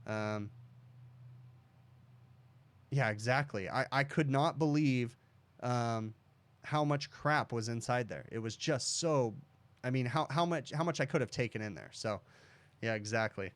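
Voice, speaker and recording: A man who is an HVAC technician hosts a casual livestream, telling a long, rambling story in a mid-range, unhurried voice. He pauses often and keeps checking in with "okay?", with no echo on the recording.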